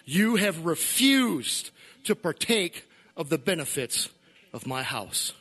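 A man's voice: fairly high pitch, sing-song, slow, breathy edge, full character voice. A man voicing a stern but loving old father who scolds and pleads with his son. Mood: grave. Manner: scolding, pleading, building to shouted preaching.

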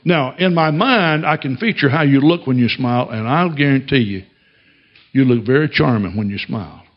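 A man's voice: medium pitch, expressive, moderate pace, highs cut off. A man preaching a sermon as a pastor, telling stories in a folksy way and chuckling often.

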